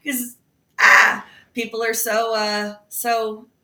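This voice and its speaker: A woman's voice: a little high, little pitch movement, takes it slowly, sharp tone, reverberant, recorded from a distance. A woman talking as a guest reporter in a casual political chat, rambling with restarts and frequent laughs.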